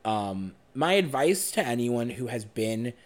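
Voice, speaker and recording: A young man co-hosting a podcast, telling a personal story in a frank, animated way and swearing freely. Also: medium pitch, measured pace. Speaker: podcast co-host.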